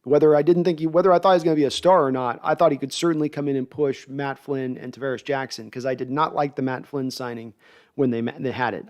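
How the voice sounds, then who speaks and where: Middle-aged male streamer host, animated, rambling, reading viewer chat live. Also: medium pitch. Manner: animated, hyped, rambling with restarts.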